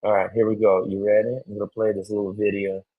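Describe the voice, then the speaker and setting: Male streamer, husky low voice, slow rambling chat, excitable, swears a lot. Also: narrow, tinny audio. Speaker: streamer host. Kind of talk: casual live-stream chat.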